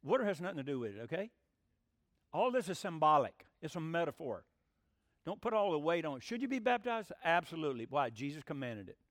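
Animated folksy male preacher, high voice. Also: fairly quick, no room sound, clean studio sound. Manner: folksy, animated, asks the room questions. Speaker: pastor. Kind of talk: sermon.

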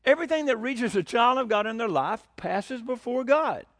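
Animated high-voiced male preacher. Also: moderate pace. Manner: animated preaching with rhetorical questions and chuckles. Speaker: pastor. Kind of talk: sermon.

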